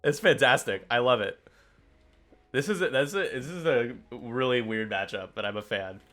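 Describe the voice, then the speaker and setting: A man hosting a casual game stream, rambling and telling stories with quick impressions. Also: medium pitch, fairly bright tone, soft background music. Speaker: stream commentator and host.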